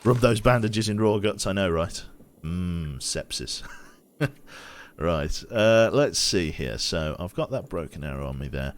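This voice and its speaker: A man's voice: rumbling low, animated, moderate pace, slight background noise. A young man with a Brummie accent giving casual, rambling commentary while streaming a survival game, swearing casually and restarting his sentences.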